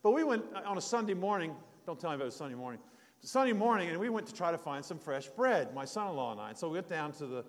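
High-voiced preacher telling stories. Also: male voice, very animated, fast, big-room sound. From United States. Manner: folksy, rambling, with frequent restarts and asides. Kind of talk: storytelling sermon.

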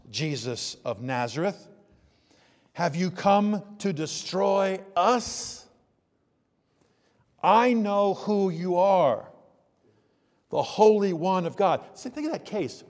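High-voiced preacher in a reverberant hall. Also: male voice. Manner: conversational preaching with rhetorical questions, rising to emphatic bursts. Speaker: pastor. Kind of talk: sermon.

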